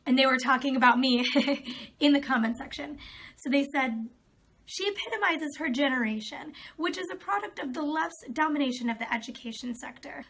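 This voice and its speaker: Young woman w a high voice doing a casual vlog, sarcastic and exasperated, laughs a lot. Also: a bit bright. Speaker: video creator. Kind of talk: casual commentary reading comments.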